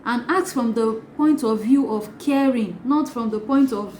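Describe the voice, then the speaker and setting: Animated woman teaching. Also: a little high, a little slow, few pauses. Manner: animated, acts out gossip in asides. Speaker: life coach. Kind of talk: motivational teaching talk. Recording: echoey room, faint noise.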